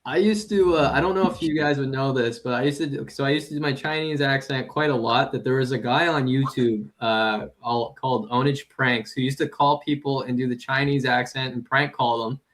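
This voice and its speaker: Laughing storyteller comedian, plain voice. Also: male voice, medium pitch, fairly even intonation, fairly quick, hardly any pauses, fairly bright tone. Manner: storytelling with frequent laughs, profane. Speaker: comedian and podcast co-host. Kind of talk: casual podcast banter.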